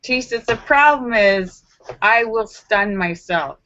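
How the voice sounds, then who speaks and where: A woman hosting a casual live stream from home, telling stories in a rambling way with lots of fillers and restarts, and acting out her own frantic self-talk in sudden high squeals. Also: expressive, slow, sharp tone, no echo. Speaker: livestream host. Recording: dull lo-fi sound.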